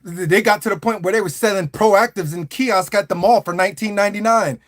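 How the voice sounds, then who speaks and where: A man on a live stream, joking and ranting straight to his chat in an animated, playful way. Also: high-pitched, brisk. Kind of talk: comic stream rant.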